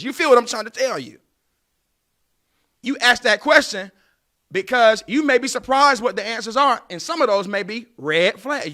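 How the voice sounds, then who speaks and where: A man's voice: extremely high pitch, moderate pace. A man in his late thirties hosting a podcast, giving dating advice in a casual, preachy monologue that speaks straight to his listeners. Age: late 30s. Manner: animated, preachy, addresses listeners directly.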